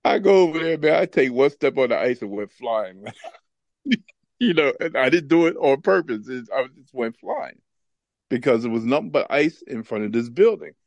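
A man co-hosting a podcast, telling stories in a casual, animated way and laughing often. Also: mid-range voice, moderate pace, dry recording, muffled recording. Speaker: podcast co-host. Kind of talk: casual chat and storytelling.

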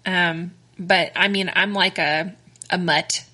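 A woman's voice: fairly low pitch, fairly even intonation, slow pace, sharp tone, slightly rough. A woman co-hosting a podcast, chatting casually with a lot of giggles and filler words. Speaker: podcast co-host.

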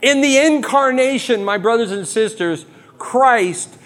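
A man giving a lively, jokey talk to a live audience on faith, full of quick asides. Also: very high voice. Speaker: Catholic speaker. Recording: long hall reverb.

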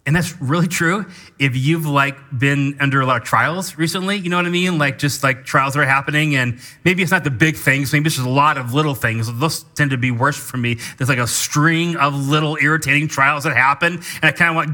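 A male pastor preaching a sermon in a conversational, animated way, acting out what people tell themselves. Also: a little high, a little fast.

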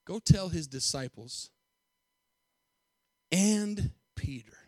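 Pastor, man, high voice, dry close sound; emphatic sermon with repetitive call-outs, hushed to loud. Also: no echo.

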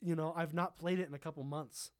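A fairly high-voiced man chatting casually on a podcast, rambling through his points with plenty of swearing and laughter. The sound is dry and close, with almost no room echo. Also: steady tone, quick pace. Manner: rambling, profane, laughs often. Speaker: podcast co-host. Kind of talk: casual chat about video games.

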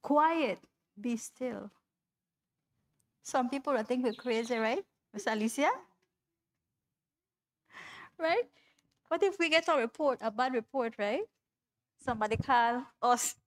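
High-voiced woman preaching slowly. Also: expressive. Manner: chatty, laughs often, calls on listeners by name. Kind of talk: informal sermon to a congregation.

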